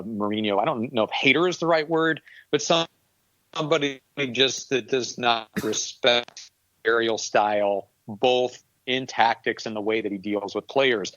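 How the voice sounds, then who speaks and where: A man's voice: on the low side, a bit bright, no echo. Skeptical man on a dull, dry podcast mic. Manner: opinionated, skeptical, thinking aloud. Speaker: podcast co-host. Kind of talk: casual sports chat. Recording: dull, dry home recording.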